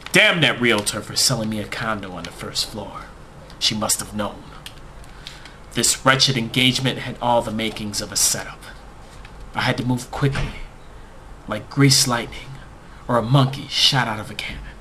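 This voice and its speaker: Bright-voiced man narrating a comic tale. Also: lowish voice, moderate pace, a little hiss or hum. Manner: deadpan, overblown storytelling. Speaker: storyteller. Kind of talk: comic first-person narration.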